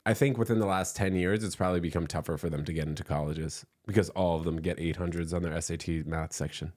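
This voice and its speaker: A man hosting a podcast, talking in loose, animated banter, swearing freely and laughing easily. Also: sits low, fast.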